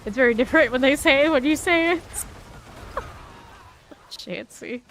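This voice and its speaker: A woman with a high-pitched, rapid-fire voice streams a game, chatting casually with viewers, laughing often and reading their messages out loud. There's faint background noise.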